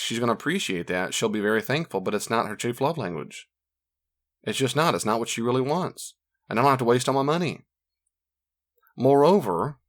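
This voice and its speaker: Lively low-voiced man giving marriage advice. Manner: animated, acts out quoted voices. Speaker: marriage counselor. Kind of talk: casual teaching talk.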